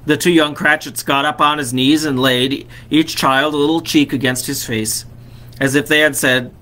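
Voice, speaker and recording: A man, a vicar, reading a classic story aloud expressively and slowing on key phrases. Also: a little high, steady tone, sharp tone.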